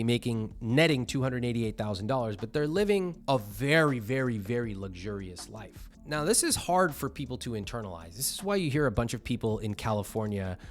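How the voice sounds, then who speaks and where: Male finance host, mid pitch, blunt and lively, faint music underneath. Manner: blunt, animated, mock-exasperated asides. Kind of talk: reviewing viewer budgets on camera.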